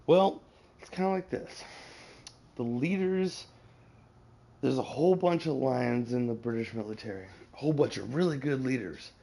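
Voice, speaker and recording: A man's voice: medium pitch, normal speed, warm tone. A man chatting casually while streaming a game, rambling and swearing as he gives advice. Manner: profane, rambling, advice-giving.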